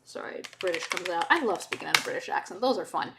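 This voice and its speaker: A woman's voice: lowish voice, expressive, fast, vocal fry, a bit bright, a little hiss or hum. A woman streaming while she edits, chatting casually in a rambling way with frequent self-interrupting asides. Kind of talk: casual chat while video editing.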